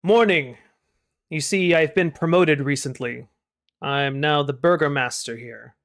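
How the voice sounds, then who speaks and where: A man voicing a polite, weary young village leader in a tabletop game, speaking in a formal, measured way. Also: on the high side, fairly bright tone. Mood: somber. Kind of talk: tabletop role-play.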